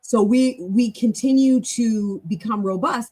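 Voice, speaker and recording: A woman's voice: on the high side, a little slow, few pauses, mellow, a little hiss or hum. A woman hosting a casual practice session, talking in a chatty, encouraging way that rambles with restarts. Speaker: host leading a language practice session. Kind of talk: casual teaching talk.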